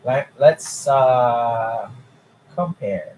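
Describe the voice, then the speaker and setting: A young man chatting casually on a live stream, excitable and incredulous, swearing freely. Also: medium pitch, very slow, a little hiss or hum, rough recording.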